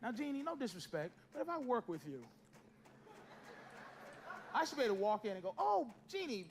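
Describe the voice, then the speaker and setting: A middle-aged man doing stand-up crowd work, teasing people in the audience, swinging from shouts to mutters. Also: high-pitched, very animated, a little fast. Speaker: stand-up comedian. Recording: loud noisy live club recording.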